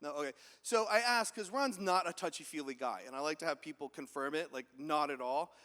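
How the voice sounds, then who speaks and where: A man giving a high-energy motivational keynote to a live audience, telling stories, acting out the voices of others and asking the crowd questions. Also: brisk, bright, forceful tone. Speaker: keynote speaker. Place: large event hall with audience. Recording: echoey hall.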